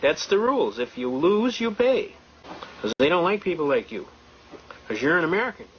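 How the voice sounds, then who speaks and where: A man's voice: a little high, sing-song, moderate pace. A man giving legal advice through folksy anecdotes, acting out the people in his stories. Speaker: speaker on legal self-defense. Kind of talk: storytelling and advice talk. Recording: muffled clip with faint background hiss.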